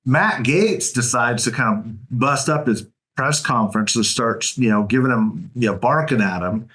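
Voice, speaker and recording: A man's voice: mid-range voice, normal speed. A man co-hosting a political podcast, telling stories with relish in casual chat. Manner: lively storyteller, retells events with relish. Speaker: podcast co-host.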